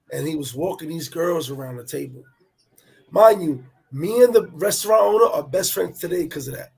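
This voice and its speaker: A man telling a personal travel story in animated, profane street talk, repeating words as he goes. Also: fairly high pitch, gravelly, slightly rough. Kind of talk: casual storytelling chat.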